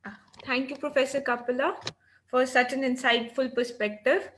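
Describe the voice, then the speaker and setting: A woman's voice: sits high, fairly even intonation, normal speed, a bit bright, a little hiss or hum. A woman moderating a panel, politely introducing the next speaker.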